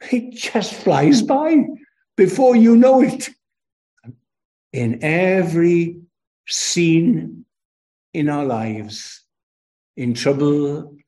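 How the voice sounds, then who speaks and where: A man's voice: fairly high pitch, darkish tone. An older man from Wales with a Welsh accent, preaching a children's sermon with emphatic call and response.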